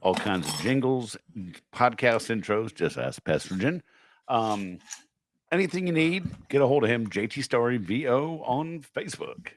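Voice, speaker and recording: Lively bawdy man bantering on a podcast. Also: medium pitch, normal speed, slight background noise. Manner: bawdy, chiming in with quips. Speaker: podcast co-host. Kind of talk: casual banter.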